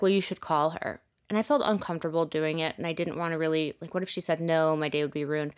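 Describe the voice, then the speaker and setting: A young woman telling a personal story in casual conversation, full of fillers and dropping softer when reflective. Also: fairly low pitch. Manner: chatty, many fillers like "like", dips to soft reflective tones. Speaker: podcast guest telling her story.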